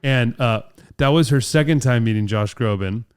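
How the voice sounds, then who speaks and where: A man hosts a relaxed interview, with a smooth, resonant voice. He tells stories in a lively way and acts out the people he quotes. He sounds like he is in his thirties. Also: medium pitch, moderate pace. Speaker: interviewer and host. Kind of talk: casual interview chat.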